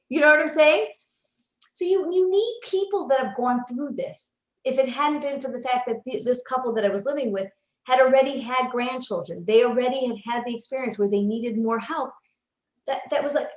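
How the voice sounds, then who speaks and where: A woman in her fifties, a psychologist guest, telling stories in a casual, animated way and often restarting her sentences. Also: high voice. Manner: animated storyteller, quick restarts. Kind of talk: casual interview chat. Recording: roomy echo.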